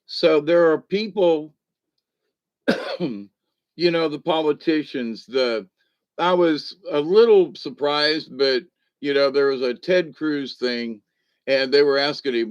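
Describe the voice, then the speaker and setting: A man's voice: fairly high pitch, slow pace, pauses often. An older man, talking casually as a spiritual teacher, rambling and folksy with many asides. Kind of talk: casual spoken talk. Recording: dull lo-fi recording.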